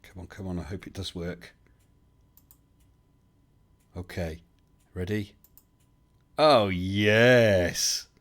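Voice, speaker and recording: A man's voice: low voice, steady tone, slow, long pauses, husky. A man, hosting a casual live stream and chatting his way through viewer comments with lots of fillers and restarts.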